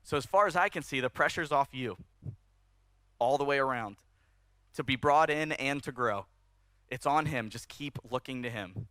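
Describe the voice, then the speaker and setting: A man preaching a sermon at a church service, conversational and animated, rising in emphasis as he speaks to the congregation. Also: medium pitch, normal speed, long pauses, dry recording. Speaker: pastor.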